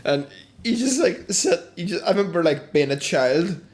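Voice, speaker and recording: A man's voice: high-pitched, very animated, moderate pace, a little mellow. A young man telling rambling, sweary stories in a casual comedy podcast chat. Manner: rambling storytelling, swearing, full of fillers. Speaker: podcast co-host.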